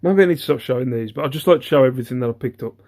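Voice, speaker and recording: A man's voice: mid-range voice, racing, a little mellow. A man, chatting casually through an eBay reseller's haul video. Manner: chatty, rambling, self-deprecating, many ums.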